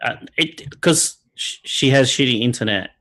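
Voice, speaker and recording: A man with an Australian accent in a casual online chat, swearing often and pausing with fillers. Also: mid-range voice, bright, forceful tone, rough recording. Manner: swears a lot, halting with fillers. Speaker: guest.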